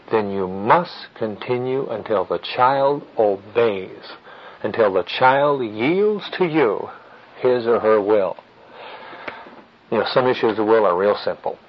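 A middle-aged man giving an earnest teaching talk with personal stories, in a measured, firm, fatherly way. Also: mid-range voice, husky, lo-fi sound. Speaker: Christian parenting teacher.

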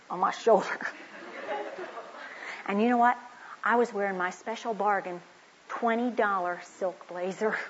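A woman with a high, breathy voice delivers a sermon to a women's gathering, telling stories in a chatty tone. She slows right down to press her key phrases home. The recording is muffled and lo-fi. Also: pushed and bright. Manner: conversational, with emphatic slow phrases. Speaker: speaker at a Christian women's conference. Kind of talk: personal storytelling sermon.

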